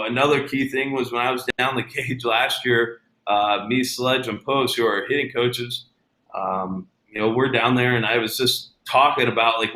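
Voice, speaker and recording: A man's voice: medium pitch, bright, forceful tone, reverberant, poor audio. A man talking casually about baseball as an interview guest, telling stories with many fillers and restarts.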